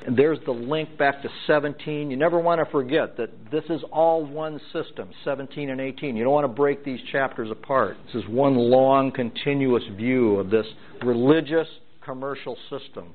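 A man's voice: mid-range voice, normal speed, hardly any pauses. A man preaching a verse-by-verse Bible teaching sermon, stressing each item in a list as his voice rises and falls. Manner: emphatic, lists items with rising and falling stress. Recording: tinny phone-like sound.

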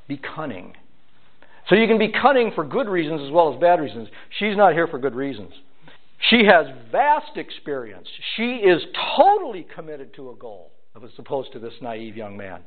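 A man preaching a sermon in a high voice that swings up and down. He keeps asking his listeners questions as he works through a scripture passage. The recording is thin and phone-like. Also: normal speed. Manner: animated, rhetorical questions to the congregation. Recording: tinny phone-like sound.

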